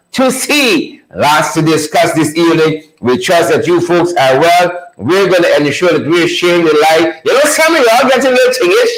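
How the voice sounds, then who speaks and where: A man's voice: high voice, reverberant, low-quality recording. Playful Guyanese man hosting a livestream. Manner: playful, repeats phrases, laughs often. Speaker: livestream host. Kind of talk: live stream chat greeting viewers.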